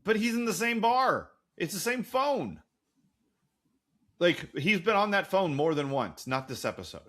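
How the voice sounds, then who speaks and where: A man's voice: high-pitched, big pitch swings, unhurried, a bit bright. A man co-hosting a podcast, recapping a TV episode in a casual, profane, sarcastic way. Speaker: podcast co-host.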